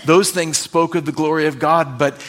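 Expressive man preaching a sermon. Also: on the high side, a little hiss or hum. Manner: expressive, drawn-out emphasis on key words. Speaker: pastor.

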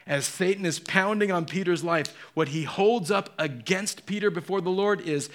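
Animated pastor preaching with acted-out quotes. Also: male voice, on the high side, normal speed, hardly any pauses. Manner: dramatic storytelling, acting out voices in quotes. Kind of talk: sermon.

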